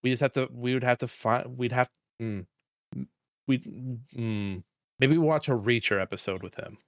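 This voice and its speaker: Young male podcast co-host, mid pitch, joking and casual, dry close mic. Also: normal speed, dry recording. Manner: joking, laughs often, swears casually. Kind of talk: casual chat.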